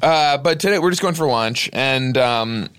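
A man's voice: medium pitch, expressive, normal speed, a bit bright, smooth. A man hosting a comedy podcast who tells a long, absurd story in a rambling way, full of fillers. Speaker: podcast host.

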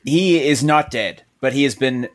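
A man's voice: mid-range voice, measured pace. A man playing in a tabletop game, speaking casually and with hesitation. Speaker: player.

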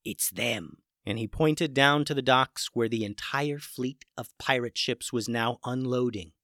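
A podcast storyteller narrating a children's adventure in an expressive read-aloud. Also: mid-range voice, a little slow, dry recording, clean studio sound.

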